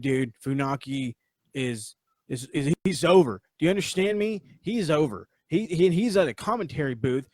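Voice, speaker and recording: Excitable, foul-mouthed man reviewing a wrestling show. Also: medium pitch, dry recording, clean studio sound. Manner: profane, rambling, excitable. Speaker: podcast host. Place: live stream from home.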